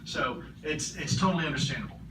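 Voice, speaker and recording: A man answering audience questions at a conference, earnest and measured, often repeating his words. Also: on the high side. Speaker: conference keynote speaker. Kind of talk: public Q&A answers. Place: large conference hall. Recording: roomy hall, distant mic, noisy.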